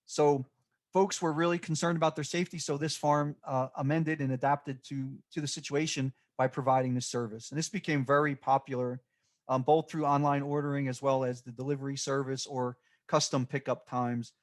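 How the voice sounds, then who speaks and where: A man giving a recorded slide presentation, speaking off the cuff and halting often with fillers and restarts. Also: medium pitch, flat delivery. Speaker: extension presenter.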